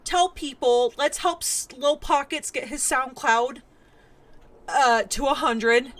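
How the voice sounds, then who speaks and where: A young woman streamer chatting with her viewers, mock-angry and exasperated, her voice hoarse and cracking from yelling. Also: sits high, slow pace. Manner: mock-angry, exasperated, laughing rants at chat. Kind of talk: casual live-stream chat with viewers.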